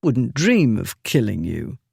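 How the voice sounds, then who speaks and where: A reader voicing an unflappable aristocratic duke who threatens in a mild, lazy, amiable tone, slightly lower than the reader's own voice. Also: very animated, takes it slowly, creaky, dark tone, breathy edge, dry recording, clean studio sound, full character voice. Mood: coolly menacing.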